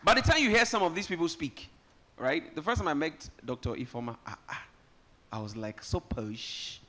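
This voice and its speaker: A man's voice: a little high, brisk. A Nigerian man hosting a live summit, joking with guests and rallying the audience from a conference hall. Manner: lively, joking, rallies the audience. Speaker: event host. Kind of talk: live event emceeing.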